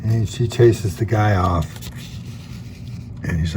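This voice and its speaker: A man's voice: fairly low pitch, slow pace. A man hosting a comics video, retelling a comic's story in a rambling, laid-back way full of fillers. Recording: steady background noise.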